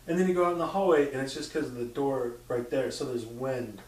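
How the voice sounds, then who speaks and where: In a casual chat, a man spins stories, cursing freely and imitating sounds and what people said. He speaks fairly quickly at a medium pitch. A far-off mic lends the recording a roomy feel.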